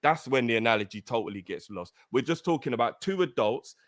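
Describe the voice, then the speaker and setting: Passionate, animated man. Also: medium pitch, fairly quick. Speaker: regular on a fan call-in show. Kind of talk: heated casual debate.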